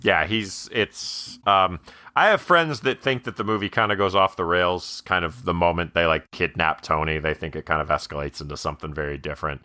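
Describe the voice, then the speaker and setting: Deep, bright-toned, dry male podcaster. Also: fairly quick, dry recording. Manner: enthusiastic, rambling, lots of fillers, laughs while quoting. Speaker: podcast co-host. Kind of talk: casual movie discussion podcast.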